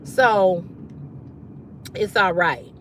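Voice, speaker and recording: A woman's voice: medium pitch, drawn-out words, a bit bright, a little hiss or hum. A woman hosting a casual livestream, talking bluntly and with profanity straight to her viewers in a style. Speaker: livestream host.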